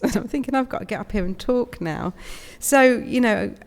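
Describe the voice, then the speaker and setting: A woman's voice: a little high, expressive, moderate pace, few pauses. A British woman, around fifty, giving a chatty, emotional inspirational talk as a guest speaker, laughing often. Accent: British English. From United Kingdom. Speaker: guest speaker at a spiritualist service. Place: large hall, indoors. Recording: long hall reverb, live room.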